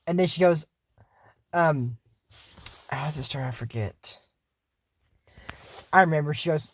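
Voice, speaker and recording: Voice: mid-range voice, measured pace, long pauses. A YouTuber recapping a cartoon episode in casual, digressive chat full of fillers and asides. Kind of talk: casual rambling commentary.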